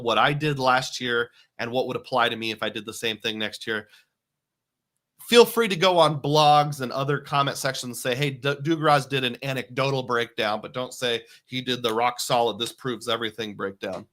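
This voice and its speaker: Bright-voiced man hosting a live stream. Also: mid-range voice. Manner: chatty, reads viewer comments aloud and laughs often. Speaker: livestream host. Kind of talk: casual live-stream chat.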